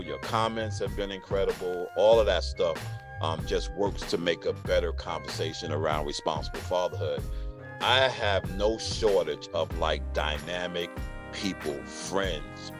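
A man from Brooklyn hosting a podcast, chatting casually with a guest in a relaxed way, with lots of fillers. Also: deep voice. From Brooklyn, New York. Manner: relaxed, warm storytelling with many fillers. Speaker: podcast host. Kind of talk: casual interview chat.

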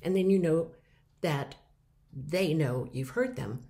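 A middle-aged woman giving a lively mini lecture on listening, acting out example replies. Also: deep voice, slow pace.

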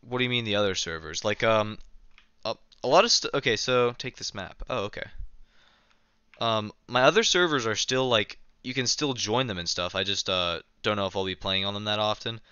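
A man's voice: lowish voice, normal speed, bright, forceful tone, clean tone, no echo, muffled recording. A young man casually live-streaming a game, chatting and reading his chat aloud with a self-mocking manner, keyboard clicks behind.

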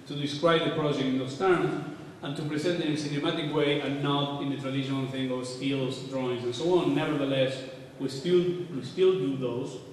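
Male lecturer, casual and irreverent; slightly high voice, long hall reverb, faint background hiss. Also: distant mic. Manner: casual, irreverent, occasionally swearing. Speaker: architect giving a lecture. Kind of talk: informal lecture. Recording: echoey hall, voice from afar.

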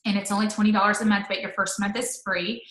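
A woman's voice: mid-range voice, level tone, fast talker, fairly bright tone, roomy sound, low-quality recording. A woman coaching her team on a casual live stream, upbeat and chatty, with frequent "um" and "like". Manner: upbeat, chatty, says "um" and "like" often. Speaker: network marketing leader.

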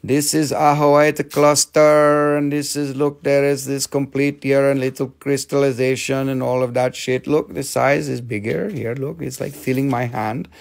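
A man's voice: mid-range voice, little pitch movement, normal speed, vocal fry, few pauses. A man hosting a live rock sales stream, joking and rambling in playful sales patter.

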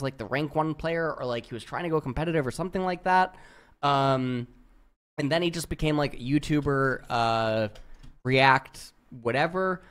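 Young male streamer with a slightly high voice, blunt and swearing, reacting to chat logs. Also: fairly bright tone. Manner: profane, blunt, heavy use of "like". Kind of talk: casual stream commentary.

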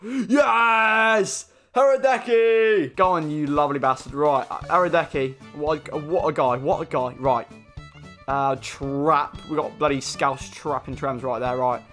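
A young man commentating as he opens game card packs, excitable and swearing, with sudden shouts. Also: mid-range voice, moderate pace, soft background music. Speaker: gaming YouTuber. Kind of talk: excitable pack-opening commentary.

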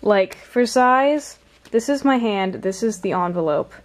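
A woman's voice: medium pitch, animated, unhurried. A young woman vlogging to camera, chatty and rambling with many fillers, on the camera's own mic. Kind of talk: casual chat to camera.

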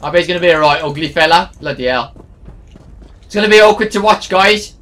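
A young man bantering casually while playing a video game, jokey, teasing and excitable. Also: a little high, fast talker, slight background noise. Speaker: gaming channel co-host.

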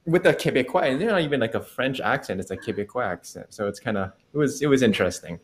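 A young man from Canada hosts a livestream interview. He is chatty and animated and laughs easily. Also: mid-range voice, quick pace. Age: young adult. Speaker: host.

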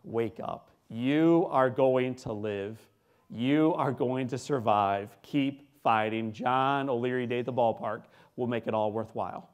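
Brief: steady, encouraging older announcer type, slow and firm, as a speaker quotes him. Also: male voice, mid-range voice, smooth, highs cut off. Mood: urging.

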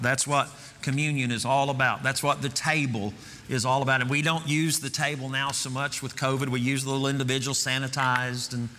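A man's voice: mid-range voice, bright, forceful tone, a little hiss or hum. A man preaching a sermon as pastor, earnest, repeating phrases as he builds to fervent emphasis. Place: church sanctuary. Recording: reverberant church hall, faint ambience.

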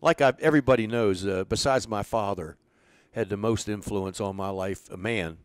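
An older man, a retired pitching coach, telling rambling, chuckling anecdotes in a casual interview. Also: normal speed, clear, resonant tone, dry recording. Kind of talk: casual storytelling.

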